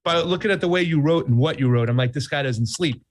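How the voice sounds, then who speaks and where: A man's voice: a little high, fast talker. A man with a New York Italian accent co-hosting a casual political talk show, chatty and playful. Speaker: podcast co-host.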